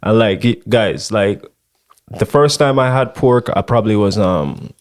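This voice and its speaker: A man's voice: on the low side, unhurried. A man with a Jamaican accent, co-hosting a podcast in casual chat, telling stories animatedly, laughing often and slipping into patois. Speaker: podcast co-host.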